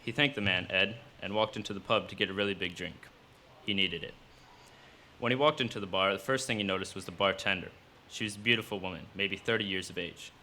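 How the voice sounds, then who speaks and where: A man reading his own fiction aloud at a live cafe event, in steady storytelling narration. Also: lowish voice, a little hiss or hum.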